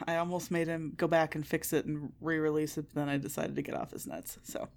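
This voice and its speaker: A woman's voice: deep voice, level tone, fast, gravelly, a little mellow. A woman with a Midwestern American accent co-hosting a podcast, chatting candidly, swearing freely and laughing at herself. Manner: candid, profane, self-mocking, laughs often. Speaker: podcast co-host. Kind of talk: casual chat.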